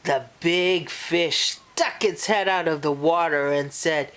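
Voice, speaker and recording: A woman reading a children's picture book aloud, animated and expressive, pausing to talk to young listeners. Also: low voice. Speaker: storyteller.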